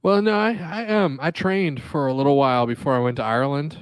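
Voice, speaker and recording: A man's voice: a little high, clear, resonant tone, no echo. A man co-hosting a podcast in casual banter, rambling and profane, on a close mic. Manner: profane, rambling, quick asides. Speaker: podcast co-host.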